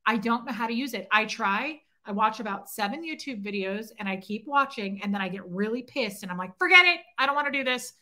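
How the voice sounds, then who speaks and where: A woman's voice: mid-range voice, brisk, hardly any pauses, pushed and bright. A woman hosting a casual livestream, chatting with viewers and reading their comments aloud, self-deprecating and teasing. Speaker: livestream host. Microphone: phone.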